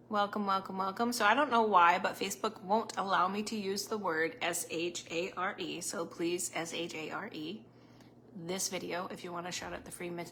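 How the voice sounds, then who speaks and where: A woman's voice: fairly low pitch, fairly bright tone, a little hiss or hum. A woman hosting a casual live stream as a psychic medium at home, close to the camera, rambling and chatty and laughing often.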